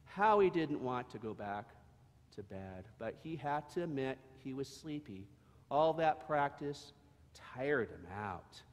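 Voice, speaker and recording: A man reading a storybook aloud to children in church, expressive and gentle, then leading a prayer. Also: medium pitch, slow. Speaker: church leader giving children's message. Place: church sanctuary. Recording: long echo of a church sanctuary.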